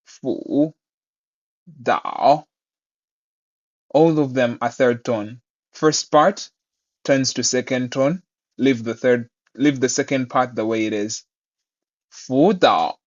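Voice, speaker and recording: A man teaching Mandarin pronunciation, saying each word twice and explaining it clearly. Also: medium pitch, highs cut off. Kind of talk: pronunciation lesson.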